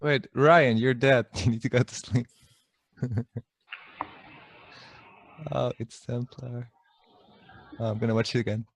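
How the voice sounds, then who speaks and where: A man's voice: medium pitch, steady tone, slow pace, long pauses. A man chatting casually on a live stream, laughing often and stumbling over restarts as he tells funny stories. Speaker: streamer and mafia player.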